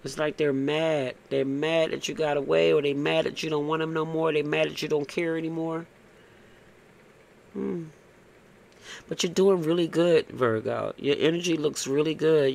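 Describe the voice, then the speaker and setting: A man's voice: fairly high pitch, creaky. A man giving a casual, blunt tarot reading, tagging "okay?" onto his points and cursing freely. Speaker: tarot reader.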